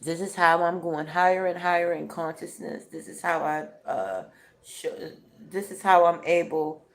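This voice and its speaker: Woman, crying while talking, slow unhurried pace, emphatic and repetitive, motivational talk to camera. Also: fairly low pitch. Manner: emphatic, repetitive, keeps asking "right?". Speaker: vlogger.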